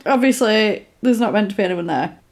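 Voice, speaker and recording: A woman, casually retelling a film plot and acting out the characters' lines in quick voices. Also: mid-range voice, lively intonation, creaky. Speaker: film recapper.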